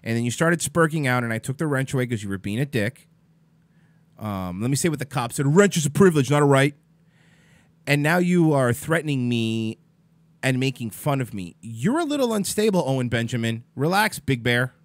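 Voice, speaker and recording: Man, livestream host, profane exasperated rant, lively swooping delivery, dry close sound. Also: medium pitch, brisk, no echo. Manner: swears freely, exasperated, addresses chat viewers by name. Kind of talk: heated casual livestream rant.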